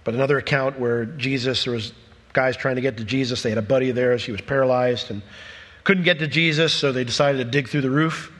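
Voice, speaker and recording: A man preaching a sermon, retelling scripture accounts in an animated storytelling way and briefly acting out the people he quotes. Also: mid-range voice, a little fast, in a large hall. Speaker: pastor.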